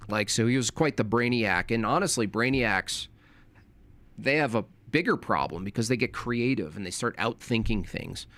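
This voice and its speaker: A man's voice: fairly low pitch, expressive, moderate pace, fairly bright tone, no echo. A young man talking casually on a live stream, rambling and correcting himself, with informal slang.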